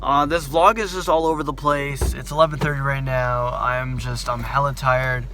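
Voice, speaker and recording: A man's voice: mid-range voice, fairly even intonation, moderate pace, music in the background. A young man vlogging at a hospital, sounding sick and rambling with many fillers and restarts. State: sick, voice affected by illness. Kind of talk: casual vlog to camera. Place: hospital ward and car at night.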